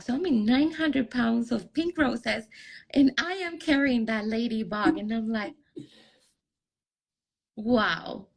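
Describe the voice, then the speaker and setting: Her voice is a little high and creaky, and the recording is low quality. In an interview, this young adult relationship coach, a podcast guest, animatedly tells a personal story, raising her voice to act out what people said.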